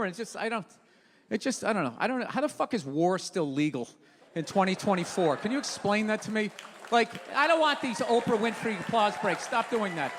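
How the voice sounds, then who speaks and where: A man doing a live stand-up routine, loud, sarcastic and profane as he rants on a stage mic. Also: high voice, expressive, a little fast. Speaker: stand-up comedian. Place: large theater stage before a live audience. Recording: reverberant hall with audience noise.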